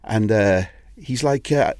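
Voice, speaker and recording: A Welsh DJ and label owner speaks slowly in a lowish, darkish voice, recorded with studio quality and no echo. In a casual interview, he tells long, rambling anecdotes and keeps restarting his sentences.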